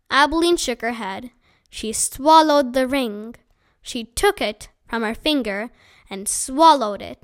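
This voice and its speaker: A woman reading a children's book aloud as a storyteller, gentle and unhurried. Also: fairly high pitch.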